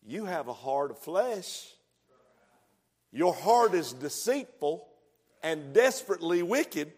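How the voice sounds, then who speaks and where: A man preaching a sermon as pastor, building to loud, emphatic passages. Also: a little high, very animated, takes it slowly, long pauses, husky. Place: church sanctuary. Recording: long echoing reverb of a church hall.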